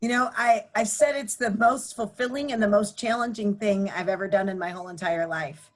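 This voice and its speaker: A woman's voice: medium pitch, fairly quick. A middle-aged woman, a nonprofit founder, telling her story as a guest in an earnest, chatty way with many fillers. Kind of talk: conversational storytelling.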